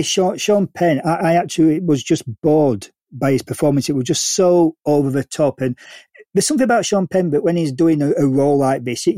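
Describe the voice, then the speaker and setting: Male film reviewer, mellow voice, dry close sound, halting and blunt. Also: a little high, dry recording. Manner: hesitant, repeats words, blunt. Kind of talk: casual film review chat.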